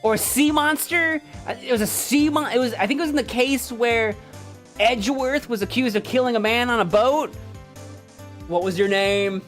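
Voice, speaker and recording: A woman's voice: fairly high pitch, moderate pace, soft background music. A woman giving casual, self-mocking commentary while playing a game, chatty and laughing often. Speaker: let's play streamer.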